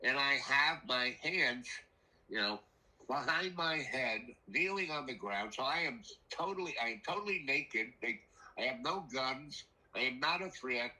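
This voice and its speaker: Bright-voiced rambling older male storyteller. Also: medium pitch, measured pace, low-quality recording. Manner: rambling, animated, acts out quoted voices. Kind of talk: casual spoken anecdote.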